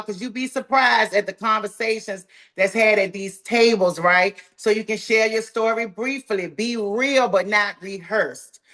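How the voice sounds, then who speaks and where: A woman with a Southern US drawl, running a live sales training call in a folksy, energetic, encouraging way. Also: mid-range voice. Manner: folksy, talks straight to the group, says "y'all" often.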